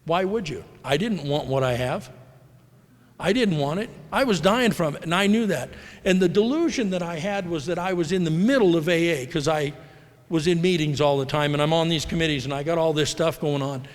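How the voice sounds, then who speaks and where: In a large hall, a middle-aged American man speaks fairly high and a little fast, giving a candid, rambling personal talk at a recovery convention. He acts out the voices of people he quotes, and the live hall recording carries a long reverb.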